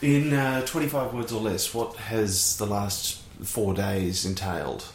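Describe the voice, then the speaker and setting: A man hosting a podcast from his living room, jokey and relaxed. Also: on the low side, unhurried, echoey room, slight background noise. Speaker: podcast host. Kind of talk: casual chat.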